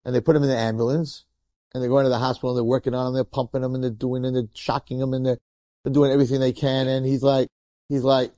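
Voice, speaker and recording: Brief: a rabbi spinning a story from the pulpit, chatty and animated, with a mellow, dry close sound. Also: male voice, mid-range voice, fast, no echo. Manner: animated, colloquial, acts out the characters. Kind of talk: storytelling sermon.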